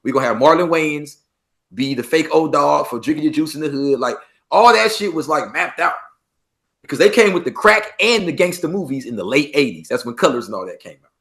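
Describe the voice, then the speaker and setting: Fast-talking animated Los Angeles man. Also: fairly high pitch, vocal fry. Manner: animated, acts out street dialogue, swears freely. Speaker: podcast guest. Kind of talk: casual interview talk.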